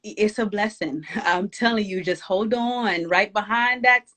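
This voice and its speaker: A woman's voice: mid-range voice, a little slow, a bit bright. A woman from Jamaica, a guest and author speaking emphatically and encouragingly in an inspirational conversation. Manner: emphatic, encouraging, preacher-like exhortation.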